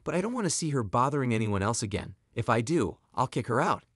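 A man voicing a gruff male shop guard who mutters dismissively in a spoken story. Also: mid-range voice, very animated, fast, no echo, clean studio sound. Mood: irritated.

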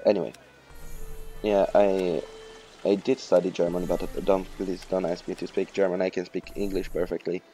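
A man rambling through casual game commentary, swearing and joking at himself, his voice hoarse. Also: deep voice, level tone, normal speed, warm tone, soft background music. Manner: rambling, profane, self-mocking. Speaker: let's play host.

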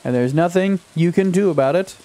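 Excitable young man narrating his gameplay. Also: fairly high pitch, fairly quick, a little hiss or hum. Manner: excitable, talks to himself and the game, yelps at surprises. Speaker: gaming YouTuber. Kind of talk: casual let's-play commentary.

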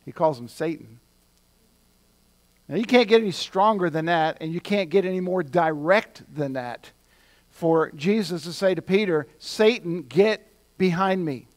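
A male pastor giving a sermon, talking conversationally and building to loud, emphatic points. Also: fairly high pitch, normal speed, pauses often.

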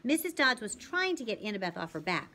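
A woman reading a novel aloud as a reader for her channel, narrating lively and dramatically, dropping at times to a soft hush. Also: mid-range voice, fairly quick, slight background noise.

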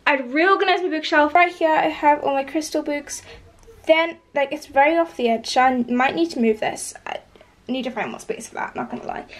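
A woman chatting in a bubbly, rambling way as a book vlogger. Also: high-pitched. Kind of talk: chatty vlog.

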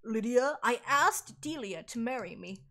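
Casual: girl doing a stuffy stern dad voice, lower and slower, kinda pompous, bright tone. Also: expressive. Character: stern, stuffy middle-aged father.

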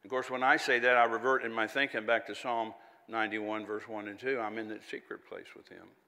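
A man's voice: on the low side, level tone, fairly quick, bright, forceful tone, big-room sound. A man preaching a sermon in a folksy, conversational way, with chatty asides and little laughs.

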